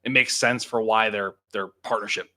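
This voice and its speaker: A man's voice: fairly low pitch, fairly even intonation, moderate pace, pushed and bright. A young man hosting a casual livestream, chatting to viewers, laughing often and swearing freely. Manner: laughs often, swears, quotes lines in voices. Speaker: livestream host, filmmaker.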